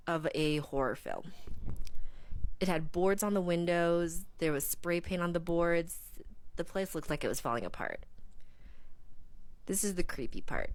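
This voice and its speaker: Lady rideshare driver telling a creepy story, brisk, kinda low voice. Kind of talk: storytelling to camera.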